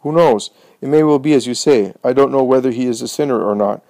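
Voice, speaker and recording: A man's voice: medium pitch, quick pace, dark tone, dry recording, natural voice. A man voicing a bold young man healed of blindness, earnest and defiant.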